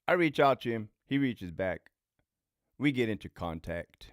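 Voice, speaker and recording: A man's voice: medium pitch, sing-song, a little slow, dry recording, studio quality. A man in his forties, a former prison lieutenant, telling stories on a casual livestream in a blunt, profane way with lots of repetition. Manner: profane, blunt, emphatic with repeated phrases. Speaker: former prison lieutenant turned online host.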